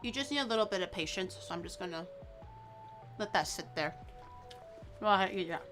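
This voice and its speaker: A woman's voice: medium pitch, animated, a little fast, a bit bright, faint music behind. A woman streamer chatting casually while cooking, playful and teasing, stretching out words to poke fun at pronunciations.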